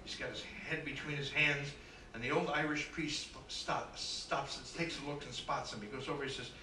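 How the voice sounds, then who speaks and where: A man doing stand-up comedy as a cruise ship entertainer, telling brisk jokes with asides to the crowd. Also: mid-range voice, fairly even intonation, pushed and bright, a little hiss or hum. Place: cruise ship show room. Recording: echoey room from a distance, live band.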